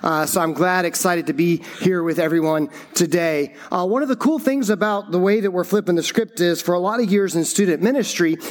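A man's voice: high voice, a little fast, few pauses. A middle-aged man, a campus pastor, giving a conversational sermon full of stories and fillers. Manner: conversational, anecdotal storytelling with frequent fillers.

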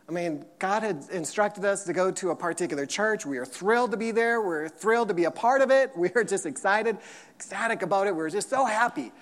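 A middle-aged man preaching a fiery sermon as a pastor, calling out to his congregation. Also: sits high. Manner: fiery, preaching loudly with call-and-response. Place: church sanctuary. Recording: long reverb of a large hall.

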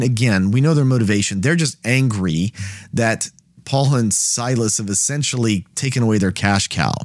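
A man's voice: mid-range voice, no room sound, clean studio sound. Conversational man teaching the Bible. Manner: conversational, thinking aloud with restarts. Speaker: Bible study host. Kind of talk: casual Bible teaching and scripture reading.

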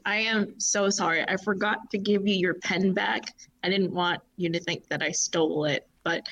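A woman playing a tabletop game in character, chirpy and quick to joke. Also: mid-range voice, fairly even intonation, a bit bright, lo-fi sound. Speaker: player. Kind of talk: casual tabletop role-play.

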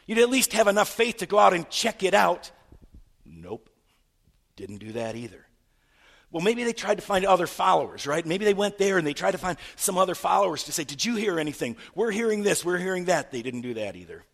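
A man preaching a sermon, retelling a story with stammered repeats and rhetorical questions, swinging from loud to hushed. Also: sits high, big pitch swings, fast talker, creaky. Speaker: pastor.

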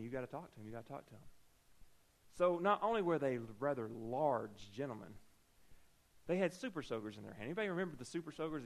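A man's voice: mid-range voice, vocal fry, rough recording. A man preaching a sermon, telling a personal story with humorous asides and acting out the dialogue.

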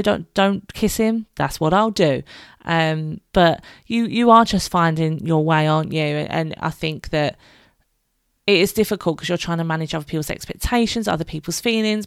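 A woman's voice: lowish voice, smooth, no echo, studio quality. A British woman hosting her own podcast, talking candidly and chattily, laughing often and swearing freely. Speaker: podcast host. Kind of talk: casual solo podcast chat.

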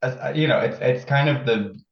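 A man's voice: medium pitch, brisk, vocal fry, reverberant, highs cut off. A man with an Irish accent, a podcast guest, chatting casually and laughing, often restarting his sentences. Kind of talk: casual chat.

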